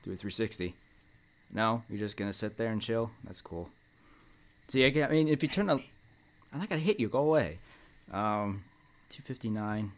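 A man's voice: on the low side, animated, normal speed, pauses often. A young man in a let's play horror game commentary, jumpy, talking back to the monster, with nervous laughs and sudden yelps. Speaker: gaming channel host.

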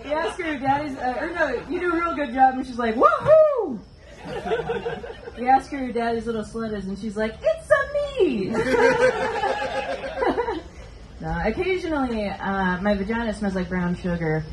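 A woman's voice: on the high side, fast, hardly any pauses, very noisy. A woman doing a goofy, crude stand-up comedy set, giggling between her jokes. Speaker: stand-up comic. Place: comedy club stage. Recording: distant mic with loud crowd laughter. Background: loud audience.

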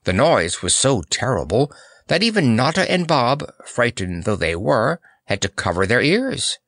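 A man reading a children's fantasy book aloud as narrator, in an expressive storytelling manner. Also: medium pitch, measured pace, no room sound, studio quality. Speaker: audiobook narrator. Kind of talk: scripted narration.

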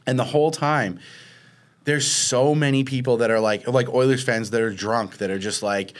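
A man's voice: medium pitch, steady tone, moderate pace. A man, co-hosting a podcast and telling a story in casual chat, acting out quotes with a raised voice. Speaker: podcast co-host.

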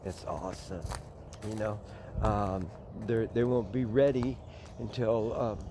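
An older man, running an animal sanctuary and chatting casually outdoors in a rambling way, breaking into a high cooing voice for the puppies. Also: steady tone, takes it slowly, background noise. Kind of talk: casual vlog chat.

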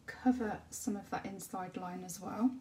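A woman chatting casually during a livestream as she colours, often dropping to a soft murmur. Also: medium pitch, normal speed. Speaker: colouring channel host. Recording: distant mic with faint background hiss.

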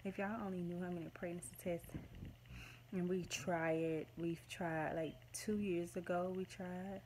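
A woman's voice: on the low side, little pitch movement, unhurried, mellow, slight background noise, poor audio. A woman in her late twenties talking to her phone camera at home, emotional and rambling as she gushes to her viewers. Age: late 20s. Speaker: vlogger. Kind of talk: casual to-camera vlog.

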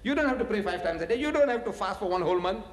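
In an echoey hall, a man lectures publicly on scripture in a high voice, racing along. This religious lecturer tells his stories with animation, laughing to himself, mocking things in asides and hammering points home by repeating phrases.

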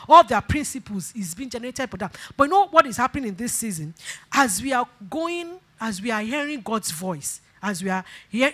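A woman's voice: fairly high pitch, bright, forceful tone. A woman pastor preaching a sermon, leading call-and-response, repeating phrases and breaking into emphatic bursts. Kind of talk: sermon exhortation.

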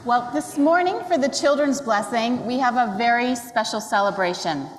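A woman's voice: a little high, lively intonation, normal speed, a little hiss or hum. Woman pastor in a ringing sanctuary. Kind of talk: worship service announcement. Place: church sanctuary. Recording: reverberant church sanctuary.

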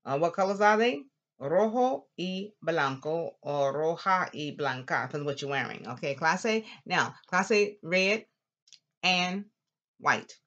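A woman teaching a lively classroom language lesson, drawing out words slowly for the class to repeat. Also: fairly low pitch, lo-fi sound. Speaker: Spanish teacher.

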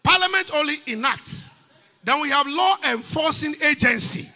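High, bright-voiced Ghanaian preacher man. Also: animated, normal speed, big-room sound. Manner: preaching, often shouting with rising emphasis. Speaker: pastor. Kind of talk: sermon. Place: church.

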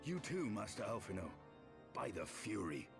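A gravelly, stern game knight. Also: male voice, lowish voice, sing-song, normal speed, over music. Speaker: video game character.

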